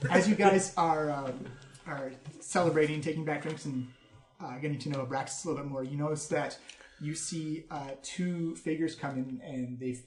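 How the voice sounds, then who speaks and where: A man running a tabletop game as game master, narrating casually with frequent fillers. His voice sits slightly high and carries a clear room echo. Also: fairly even intonation, moderate pace, a little hiss or hum.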